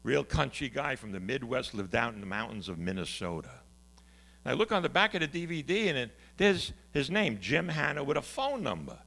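A man who is a pastor, preaching a conversational, story-driven sermon that swings from loud to hushed. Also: medium pitch, sing-song, a little fast, vocal fry.

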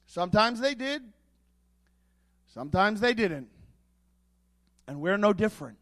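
A man's voice: high voice, very animated, measured pace, long pauses, a bit bright. A man preaching a sermon as pastor, emphatic, building his points with repeated rhetorical questions.

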